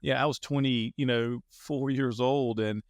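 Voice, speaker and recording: A middle-aged man telling a story as an interview guest, earnest and halting, often repeating words. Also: medium pitch, steady tone, no room sound, clean studio sound. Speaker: guest, athlete and speaker.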